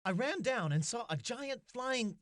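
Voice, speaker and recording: An actor playing an eager, brave young fisherman's son in a studio game, telling his father a story with excited energy. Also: extremely high pitch, unhurried, crowd noise.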